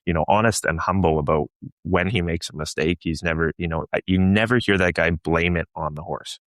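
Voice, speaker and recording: A man's voice: sits low, a little fast, no echo. A man from Canada, a show jumping guest, talking reflectively in a casual podcast chat with frequent restarts. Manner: reflective, many restarts and fillers.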